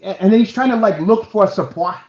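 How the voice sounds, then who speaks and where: A man co-hosting a chat over a video call, telling an animated story with heavy swearing, restarts and loud acted-out quotes. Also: high-pitched, brisk, a crowd in the background. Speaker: co-host. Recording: roomy, dull lo-fi stream audio.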